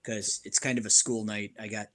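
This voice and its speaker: A man in a band chatting casually on a live stream in a low-key way, trailing off quietly at the ends of phrases. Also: level tone, normal speed. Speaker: band member guest. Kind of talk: casual chat.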